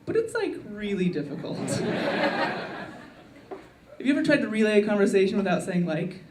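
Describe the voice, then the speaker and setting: A woman's voice: medium pitch, big pitch swings, normal speed, distant mic, very noisy. Wry woman comic in an echoey club. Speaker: stand-up comedian. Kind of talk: stand-up routine. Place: comedy club. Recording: echoey club miked from afar, crowd laughter.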